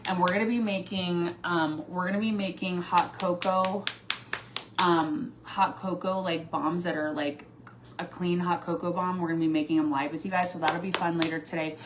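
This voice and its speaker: A woman's voice: on the low side, steady tone, normal speed, background noise. A woman in her forties chatting on a livestream in a rambling way, with many fillers and restarts, teary at times. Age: 40s. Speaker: vlogger and mom. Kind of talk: casual livestream chat.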